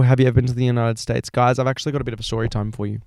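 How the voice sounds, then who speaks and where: Chatty Australian man with a dry, clear voice. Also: medium pitch, racing, few pauses, dry recording. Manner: rambling, animated, heavy use of filler phrases. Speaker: podcast host. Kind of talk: casual solo chat answering questions.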